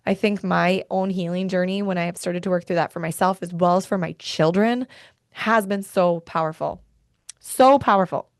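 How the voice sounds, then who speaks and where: A young woman with a low, gravelly voice speaks earnestly about faith and rest. She talks straight to her listeners with heartfelt conviction. The sound is close and dry. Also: a little mellow, no echo. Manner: earnest, heartfelt, gets worked up. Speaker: podcast host. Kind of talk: faith-based wellness talk.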